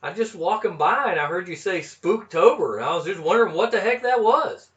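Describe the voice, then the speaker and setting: A playful man is hosting a casual podcast chat. His voice is high and swings widely as he jokes, and he sits a little back from the mic. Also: animated, fairly quick, fairly bright tone, distant mic, dull audio. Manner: playful, joking, laughs through flubbed takes. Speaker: podcast host.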